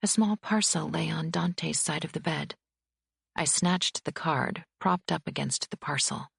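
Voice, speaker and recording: Low, husky woman narrating. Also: measured pace, no echo, clean studio sound. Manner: low, husky first-person reading. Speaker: audiobook narrator. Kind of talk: scripted narration.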